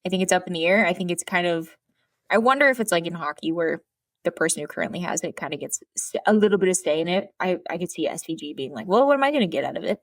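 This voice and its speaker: A woman co-hosting a podcast in casual chat, hedging her opinions and dropping deadpan quips. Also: fairly low pitch, fast, dry recording, clean studio sound. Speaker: podcast co-host.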